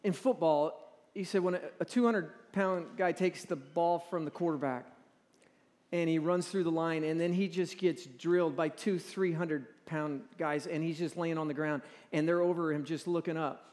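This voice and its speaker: A man in his forties preaching a sermon in a church, talking in a halting, conversational way with repeated words and drawing the audience to respond. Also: fairly high pitch, steady tone, a little mellow. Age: 40s. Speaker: pastor. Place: large church hall. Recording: long reverb in a large hall.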